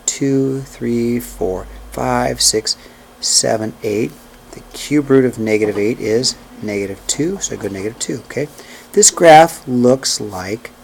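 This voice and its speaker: A man's voice: mid-range voice, creaky, darkish tone, slight background noise. Man lecturing a math class. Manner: repeats points and checks in with "okay?" and "right?"; counts out steps aloud while working. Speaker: math teacher.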